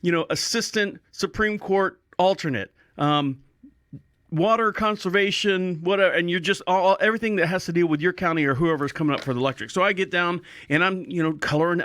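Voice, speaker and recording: Man, podcast host, high-pitched, dry close sound, jokey, rambling storytelling. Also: a bit bright, dry recording. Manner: rambling, jokey, self-mocking. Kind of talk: casual storytelling monologue.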